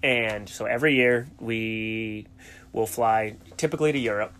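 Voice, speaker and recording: A middle-aged man talks in a lowish voice with a softened Boston accent. He is a college coach telling stories in an easygoing way, with frequent fillers as he goes. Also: unhurried. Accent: softened Boston, New England. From South Shore of Massachusetts. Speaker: collegiate track and field coach, guest. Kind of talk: casual interview chat.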